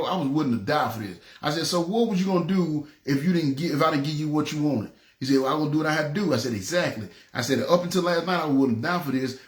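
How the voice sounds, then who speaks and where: A preacher from North Memphis with a Memphis Southern accent, telling his testimony in an animated way and acting out the voices he quotes. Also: fairly high pitch, echoey room. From North Memphis, USA. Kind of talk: testimony storytelling.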